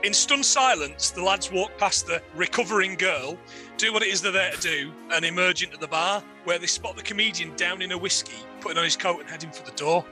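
A man telling a crude comic anecdote with lively relish. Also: high voice, a little fast, faint music behind. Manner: lively, laughs at own story, crude. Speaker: guest storyteller.

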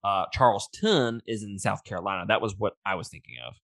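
Low-voiced man sharing movie trivia casually. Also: a little fast, a bit bright, no room sound. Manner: reads trivia notes with filler and restarts, laughs easily. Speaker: podcast co-host. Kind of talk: casual movie podcast chat.

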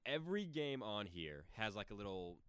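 A man co-hosting a sports podcast, chatting in an animated, informal way. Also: lowish voice, normal speed, clear, resonant tone, no echo. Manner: animated, laughing, informal slang. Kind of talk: casual sports chat.

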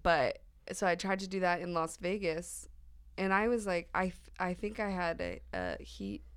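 A young adult woman from the desert Southwest, co-hosting a podcast in an animated, laughing, swear-prone chat. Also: fairly low pitch, moderate pace, clear, resonant tone, no echo. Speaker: podcast co-host. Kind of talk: casual chat.

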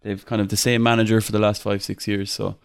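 A man's voice: fairly low pitch, flat delivery, fast, gravelly, clean tone, no room sound, clean studio sound. A young Irish man hosting a casual football podcast, chatty with many fillers and restarts, laughing often. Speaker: podcast host.

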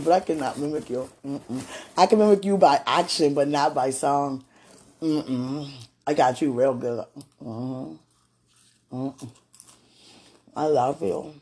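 A husky, breathy woman speaking in a loose spoken monologue, addressed to a loved one and to God. She drifts between hushed, prayerful musing and giggling excitement. Her speech comes in fits and starts. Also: low-pitched, moderate pace. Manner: laughs often, talks in fits and starts.

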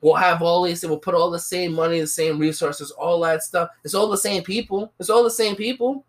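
A woman's voice: on the low side, fairly even intonation, a little fast. A woman talking casually with a friend, pressing her argument in earnest. She leans on slang and keeps checking that she is understood. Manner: argues earnestly with slang and repeated "you get what I'm saying". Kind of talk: casual chat.

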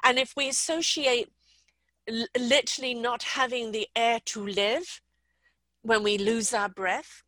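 A woman talking as a podcast guest in casual conversation, earnest and explanatory, sometimes dropping to a soft hush. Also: fairly high pitch, fairly even intonation, a little slow, no echo, rough recording.

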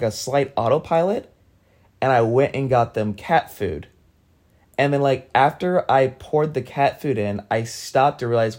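A man's voice: medium pitch, darkish tone. A man casually retelling a dream, in a loose telling full of "like" fillers. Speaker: storyteller. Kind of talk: casual spoken anecdote.

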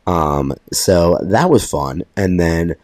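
This is a young man with a low voice, co-hosting a casual podcast. He tells a story with lively energy, acts out what everyone said, and swears freely. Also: takes it slowly. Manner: animated, profane, laughs at himself. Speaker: podcast co-host.

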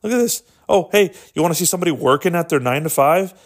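A man's voice: on the high side, expressive, rapid-fire, pitched above the performer's own voice. A man voicing a personified app algorithm as a sly, pushy male drug dealer offering hits. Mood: wheedling. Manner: wheedling, coaxing, pushy.

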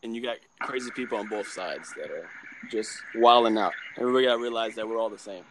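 Rambling young podcast co-host. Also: male voice, lowish voice, fast talker, a bit bright, a little hiss or hum. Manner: rambling, laughs often, self-correcting. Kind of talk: casual chat.

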